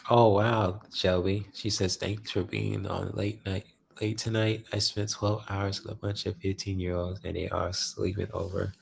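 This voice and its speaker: A man's voice: sits low, little pitch movement, a little slow, creaky, slight background noise. A man hosting a late-night live stream, reading viewer comments aloud, laughing often and teasing playfully, a little sleepy. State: sleepy, yawning. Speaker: livestream host.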